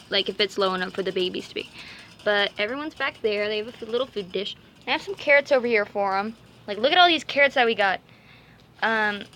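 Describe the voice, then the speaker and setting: A woman's voice: mid-range voice, bright, forceful tone, slight background noise. A woman chatting casually in a home vlog, rambling and cooing to her pet rabbits while filming with a handheld camera. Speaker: vlogger.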